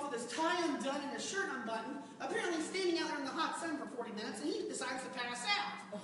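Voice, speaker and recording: A man giving a humorous personal story speech to a club audience, animated and laughing along as he tells it. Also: very high-pitched, noisy background. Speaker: speaker at a public speaking club. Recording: echoey hall, recorded from far off.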